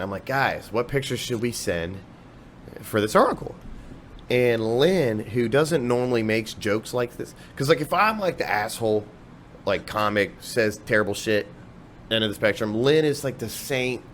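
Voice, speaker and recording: A man telling stories as a guest on a casual podcast, animated and freely swearing. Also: on the low side, moderate pace, slight background noise. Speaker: podcast guest, musician and singer.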